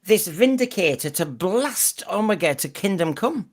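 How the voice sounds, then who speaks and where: A man's voice: high voice, expressive, a little slow. A man hosting a podcast, rambling through casual chat with repeated words and mocking asides. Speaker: podcast host.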